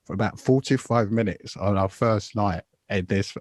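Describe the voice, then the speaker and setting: A man in his fifties hosting a podcast, chatting casually and telling an animated, rambling story, calling everyone "mate". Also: lowish voice, moderate pace, no room sound, studio quality. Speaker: podcast host.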